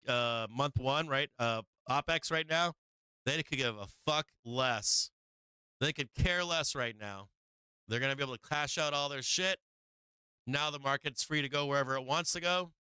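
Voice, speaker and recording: Profane, excitable livestream market host. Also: male voice, on the high side, smooth, no echo, low-quality recording. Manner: profane, excitable, laughs often, repeats himself. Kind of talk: live market commentary.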